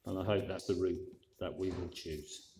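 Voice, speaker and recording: A man's voice: deep voice, steady tone, moderate pace, reverberant, background noise. A man preaching a sermon in a conversational way, with dry, wry asides.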